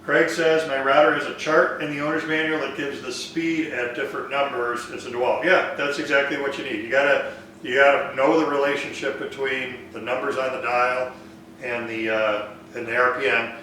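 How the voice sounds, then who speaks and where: A man with a bright, forward voice hosts a casual woodworking live Q&A, reading out viewer comments and thinking aloud between them. He sounds distant from the mic in a very echoey workshop, with a faint hiss behind him. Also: medium pitch, normal speed. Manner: relaxed, thinks aloud with fillers. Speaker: woodworking live stream host. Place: woodworking shop.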